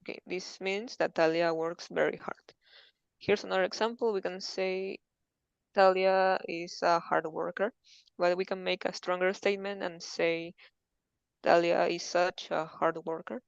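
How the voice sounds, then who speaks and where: A woman's voice: on the low side, steady tone, unhurried, vocal fry, smooth, no echo, lo-fi sound. A woman student reading textbook passages aloud in an English lesson, carefully and with hesitant fillers.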